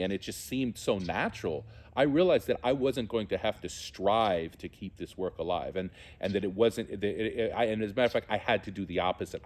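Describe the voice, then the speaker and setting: A man shares a personal spiritual testimony in a fairly low voice. He speaks earnestly and from the heart, often stopping to search for the right words. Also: a little mellow. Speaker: theologian and musician.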